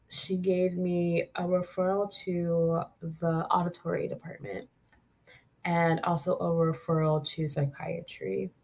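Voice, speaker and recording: A young woman with a somewhat low voice talks straight through a casual podcast monologue. She is frank and exasperated, swears freely, and laughs between her points. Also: low-quality recording. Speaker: podcast host.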